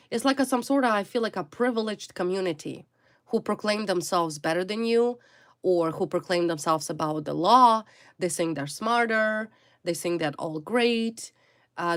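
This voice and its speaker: A woman reading tarot straight to the viewer, talking emphatically and repeating single words, in non-native English phrasing. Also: medium pitch. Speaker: tarot reader.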